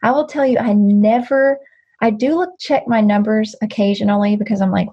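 A chatty woman talks openly and at length as an interview guest, often restarting her sentences. Her voice is a little husky, and the recording sounds muffled and lo-fi. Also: medium pitch, fairly even intonation, normal speed, dark tone. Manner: candid, rambling, frequent restarts. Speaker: guest, social media creator. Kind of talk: casual interview chat.

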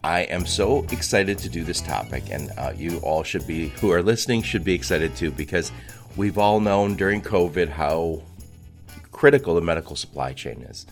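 Male podcast host, very low voice, lively swings in pitch, upbeat and talkative. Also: normal speed, faint music behind. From United States. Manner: enthusiastic, chatty, laughs often. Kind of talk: casual interview chat.

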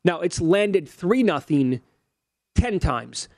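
His voice sits high and darkish, very animated yet unhurried, recorded with no echo. A man in his forties, he co-hosts a sports betting show, casually chatting through odds and stats in an analytical way.

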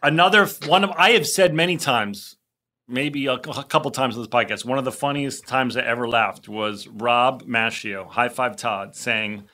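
A man's voice: mid-range voice, moderate pace, pushed and bright. A man co-hosting a podcast, chatty and playful in casual chat. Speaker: podcast co-host.

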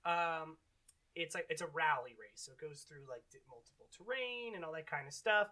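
Casting: high, bright male podcast host, sarcastic, dry close mic. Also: animated, fairly quick, dry recording. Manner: sarcastic, laughing, mimics characters in squeaky voices. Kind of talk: casual movie review chat.

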